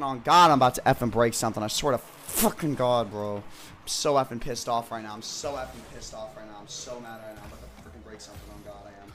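A young man streaming a game, frustrated and ranting, with lots of swearing, dropping from low mutters to loud yells. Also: fast talker, noisy background.

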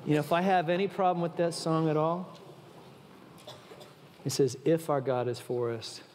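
Male preacher, slightly high voice, earnest and informal, church hall with long reverb. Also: fairly even intonation, moderate pace, a little mellow, slight background noise. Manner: earnest, informal, addresses the audience directly. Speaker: guest preacher. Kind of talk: conversational sermon. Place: large church auditorium.

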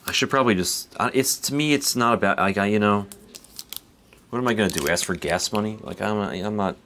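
A man's voice: on the low side, brisk, a bit bright, slight background noise. A man casually chatting on a live stream while opening cards, rambling and chuckling as he reads names aloud. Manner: rambling, laid-back, chuckles between remarks, reads card names aloud. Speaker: card break host.

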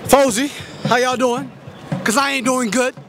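A man with a very high voice gives blunt, furious answers full of swearing. He speaks into a street interviewer's mic outside after a game. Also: steady tone, a little slow, background noise. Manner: blunt, angry, swears heavily. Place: city street outside a stadium.

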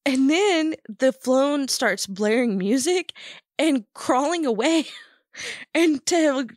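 A woman's voice: sits high, lively intonation, takes it slowly, no room sound, clean studio sound. A woman co-hosting a podcast in casual chat, retelling a film plot and laughing often. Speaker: podcast co-host.

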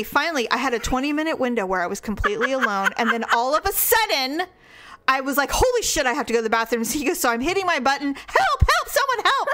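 High, bright-voiced laughing storyteller woman. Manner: animated storyteller, laughs often. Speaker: podcast co-host. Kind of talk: casual chat.

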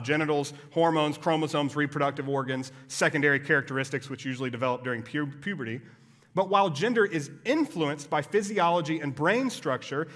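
A man's voice: on the high side, a bit bright. A man preaching a sermon as a pastor, explaining in a conversational way with casual asides. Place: church hall. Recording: long reverb of a church hall.

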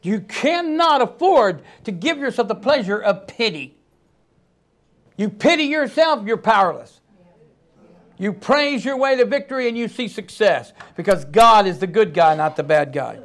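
Emphatic high-voiced male preacher. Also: expressive, unhurried. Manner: emphatic, with sudden loud outbursts. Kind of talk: sermon.

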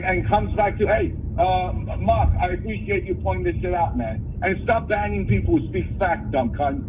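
A man's voice: sits high, far from the mic. Male caller, aggressive and profane, heard through a tinny, noisy phone line. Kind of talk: angry phone rant.

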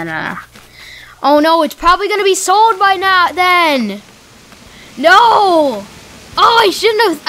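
High-voiced, excitable woman gamer. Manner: excitable, talks to game characters. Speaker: let's play host. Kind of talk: casual gameplay commentary. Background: faint game music.

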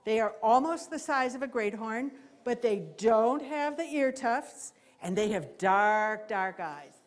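A woman giving a live talk about birds of prey to a library audience, lively and playful, speaking into a handheld mic. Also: on the high side, measured pace. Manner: lively, imitates owl hoots. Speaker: wildlife educator. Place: library program room.

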